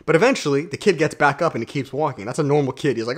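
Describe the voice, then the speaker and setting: Blunt, profane man giving a motivational talk. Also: racing. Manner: blunt, profane and emphatic, addresses viewers as guys; swings between low asides and loud outbursts. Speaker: self-development YouTuber. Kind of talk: motivational monologue to camera.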